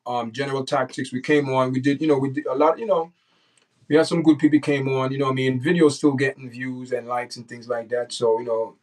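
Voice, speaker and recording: A man's voice: mid-range voice, little pitch movement, brisk, darkish tone, far from the mic, rough recording. Man hosting a livestream, off-mic. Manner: repetitive, talks straight to the chat. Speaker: livestream host. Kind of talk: casual livestream commentary.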